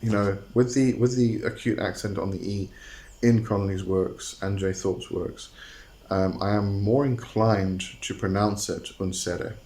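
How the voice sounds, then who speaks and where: A man's voice: on the low side, fairly even intonation, unhurried, a little mellow. A man hosting his own channel, explaining a topic in a casual, hesitant way with many fillers and restarts. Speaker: host.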